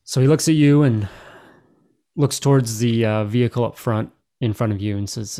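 A man's voice: medium pitch, fairly even intonation, normal speed, dark tone. A man running a tabletop game as game master, narrating casually with many fillers.

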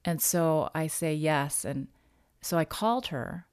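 Low-voiced woman telling a personal story. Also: animated, a little mellow, smooth, no echo, clean studio sound. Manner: halting, reflective, frequent restarts. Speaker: podcast guest sharing a personal story.

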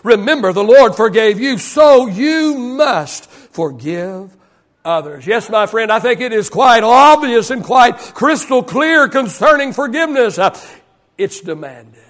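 A man's voice: extremely high pitch, animated, a little slow, a bit bright. A male pastor preaching a sermon to his congregation, repeating key phrases for emphasis. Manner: preaching with emphatic repetition, leading the congregation in call-and-response. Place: church service.

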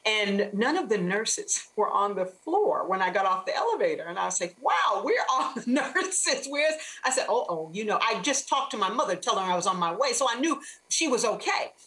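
Animated woman telling a heartfelt story. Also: medium pitch, brisk, hardly any pauses, rough recording. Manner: animated, expressive storyteller, faith-filled. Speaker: author and guest. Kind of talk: emotional storytelling interview.

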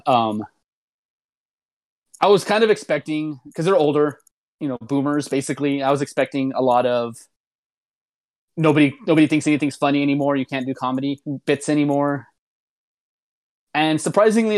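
A man in casual conversation, retelling at length in a loose, rambling way with lots of filler words. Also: mid-range voice. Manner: rambling retelling, many "um"s and "like"s, restarts. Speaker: podcast co-host reviewing a comedy show. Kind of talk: casual chat.

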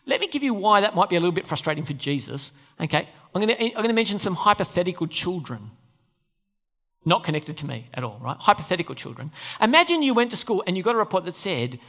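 Male preacher, chatty, questioning the congregation, animated intonation, long hall echo. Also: high-pitched, brisk. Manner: conversational, asks the audience questions. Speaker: pastor. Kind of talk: sermon.

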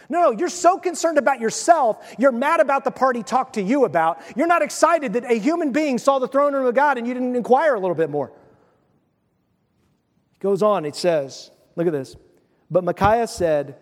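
A man pastor preaching a sermon, telling the story with animated asides and acted-out voices. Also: very high-pitched, normal speed, big-room sound.

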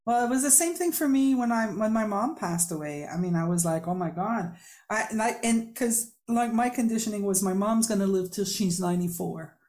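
A woman's voice: medium pitch, brisk, darkish tone. A woman hosting a podcast interview, chatty and upbeat, who laughs often as she talks. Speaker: podcast host. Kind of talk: casual interview chat.

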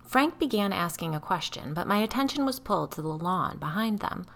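A woman with a low-pitched voice narrates a first-person story. Her tone is bright and forceful, and her delivery is measured and tense. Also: animated, vocal fry. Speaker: audiobook narrator.

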